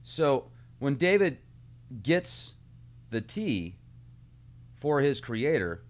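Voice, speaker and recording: A man hosting his own video channel, talking through a film's symbolism in an earnest, animated monologue. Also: mid-range voice, drawn-out words, pauses often. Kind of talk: casual monologue analysis.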